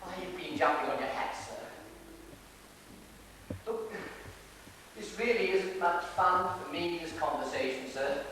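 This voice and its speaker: Give me a fussy, devoted dresser, coaxing and camp, heard from afar in a big echoey hall. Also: male voice, high-pitched, unhurried, pauses often, sharp tone. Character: fussy devoted male dresser, middle-aged, chatty. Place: theatre stage. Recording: distant, echoey hall with hiss.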